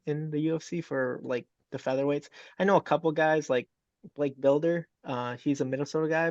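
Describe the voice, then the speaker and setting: Gravelly young man on a video call. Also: mid-range voice, no echo. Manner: rambling, full of fillers and quoted dialogue. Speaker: MMA fighter guest. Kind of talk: casual interview chat. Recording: dull, dry video call audio.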